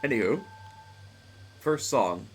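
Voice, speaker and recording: Homme bavard qui commente un jeu. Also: male voice, medium pitch, animated, slow, a little hiss or hum. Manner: chatty, rambling, laughs often, many fillers. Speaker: game streamer. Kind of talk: casual live-stream commentary.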